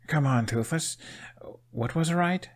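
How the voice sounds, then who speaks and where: A man voicing a wary, caring young Viking man who speaks gently and with concern, in a fan audiobook reading. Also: fairly high pitch, unhurried, voice pushed up, lightly acted. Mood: concerned gentle.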